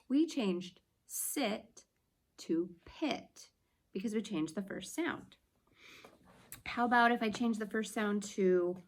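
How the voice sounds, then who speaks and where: Slow, gravelly-voiced woman teaching phonics. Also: mid-range voice, animated. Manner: slow, patient, exaggerated sounding-out of words. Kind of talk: early-reading phonics lesson.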